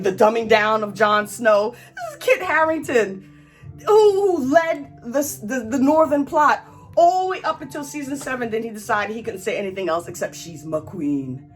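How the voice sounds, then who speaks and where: A woman vlogger ranting in angry, emphatic commentary, stretching out words for stress. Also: fairly high pitch.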